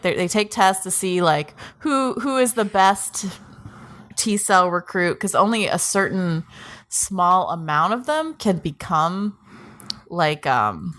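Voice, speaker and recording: A woman's voice: mid-range voice, a bit bright. A young woman co-hosting a podcast, casually retelling anime episodes in a rambling way full of fillers. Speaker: podcast co-host.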